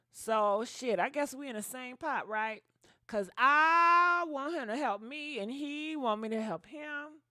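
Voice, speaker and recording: A woman's voice: fairly high pitch, sharp tone, no echo, clean studio sound. A young woman hosting a gossip livestream, chatting casually and dramatically with viewers and thanking donors. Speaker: gossip channel host.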